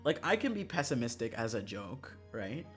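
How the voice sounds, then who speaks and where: Chatting while playing a visual novel, a game streamer swings between loud rants and quiet mumbles, swearing freely and laughing often. The voice is medium-pitched and sing-song at a moderate pace, with faint music in the background.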